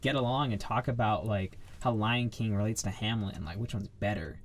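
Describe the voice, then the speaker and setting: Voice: medium pitch, brisk. A speaker in a casual chat, rambling and searching for words, leaning heavily on "like".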